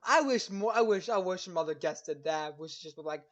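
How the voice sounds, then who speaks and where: A man's voice: sits high, brisk, a bit bright, muffled recording. A man co-hosting a casual streamed talk show, chatting loosely and often stammering and repeating words. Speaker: co-host.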